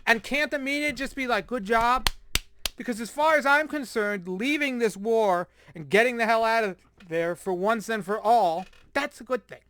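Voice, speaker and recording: A man's voice: very high-pitched, normal speed, hardly any pauses, fairly bright tone, a little hiss or hum. A man ranting sarcastically in a commentary video, exasperated and profane, sighing often and repeating himself in frustration. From United States. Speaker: commentator reacting to news articles.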